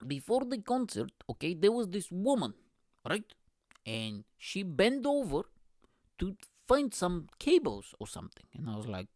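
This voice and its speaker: Role: podcast host, man. Style: comic solo storytelling. Delivery: lively pitch, crude jokes. Sound: dry and close. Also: normal speed, dry recording. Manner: animated, crude and self-mocking.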